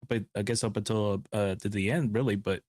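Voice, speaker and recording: Man, low voice, podcast co-host, easygoing, dry recording. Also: steady tone, brisk, a little mellow, no echo. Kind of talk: casual chat reviewing a TV episode.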